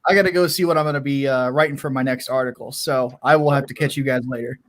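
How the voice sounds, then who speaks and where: A man chatting as a guest writer on a live stream, relaxed and poking fun at himself. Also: mid-range voice, fast. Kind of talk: casual live stream chat.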